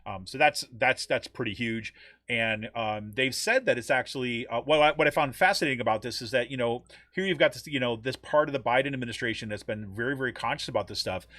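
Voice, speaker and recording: A man's voice: mid-range voice, fast talker, sharp tone, no room sound. An American man co-hosting a podcast, chatting casually about news with lots of ums and restarts. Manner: rambling, many ums and restarts. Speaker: podcast co-host.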